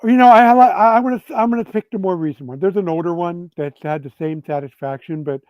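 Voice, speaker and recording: A man, a game designer and guest, telling gaming stories in a casual interview, animated and rambling with many restarts. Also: high-pitched, fast talker, no room sound. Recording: dull lo-fi sound.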